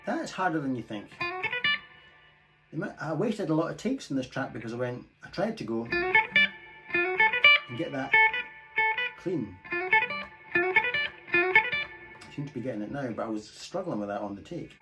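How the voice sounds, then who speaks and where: A man's voice: mid-range voice, very animated, moderate pace, long pauses, low-quality recording. Chatty man teaching guitar. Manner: chatty, thinking aloud, self-deprecating. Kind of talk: casual guitar lesson talk. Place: home room, guitar played between phrases. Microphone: phone mic. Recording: loud electric guitar and drum loop behind.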